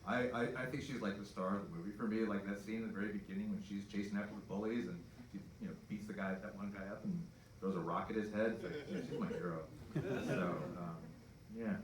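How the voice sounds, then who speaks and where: A man's voice: on the low side, fairly even intonation, fast, recorded from a distance, a little hiss or hum. A man, a filmmaker on a film panel, rambling in an enthusiastic way with many restarts. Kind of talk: casual panel talk. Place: event hall with audience. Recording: echoey hall, mic heard from afar.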